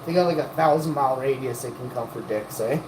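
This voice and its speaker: A woman's voice: extremely low pitch, fast talker, background noise. A woman hosting a livestream, rambling and joking as she teases people in the chat. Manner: rambling, joking, teasing chatters. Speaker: livestream host. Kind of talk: rambling live-chat banter.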